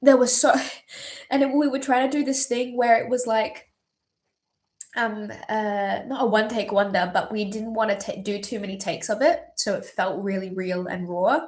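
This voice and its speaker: A woman's voice: medium pitch, steady tone, moderate pace, a little mellow. Teary young woman, candid and swearing. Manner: candid, swears heavily, many ums. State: teary, voice wavering. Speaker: singer-songwriter streaming live. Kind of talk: emotional livestream chat.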